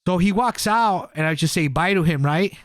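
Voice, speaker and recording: This casual storytelling comes from a young man who co-hosts a podcast. He speaks in a high, slightly bright voice at a moderate pace, rambling with lots of fillers and swearing and performing quotes, in studio quality with no echo.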